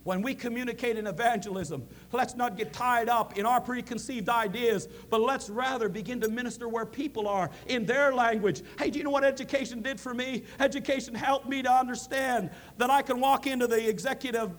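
High-voiced fervent male preacher. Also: fairly even intonation, brisk, few pauses. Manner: preaching with rising fervor, building to loud emphatic peaks. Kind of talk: sermon.

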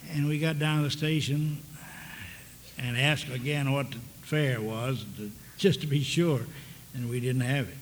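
A man's voice: medium pitch, steady tone. Older man telling stories from the pulpit. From American South. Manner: folksy, halting with many restarts. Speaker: preacher. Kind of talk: storytelling sermon. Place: large church hall with audience. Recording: long reverb of a big hall, faint background noise.

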